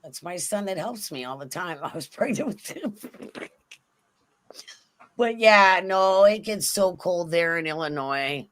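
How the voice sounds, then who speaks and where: A middle-aged woman from Southern California telling anecdotes in casual chat, expressive and quick to laugh. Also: fairly low pitch. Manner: expressive, laughing, acts out voices.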